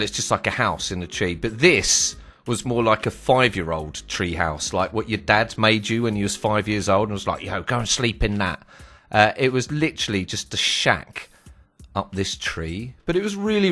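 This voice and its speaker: A man telling a casual, slangy story from his travels on his vlog. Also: lowish voice. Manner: animated, slangy, swearing storyteller.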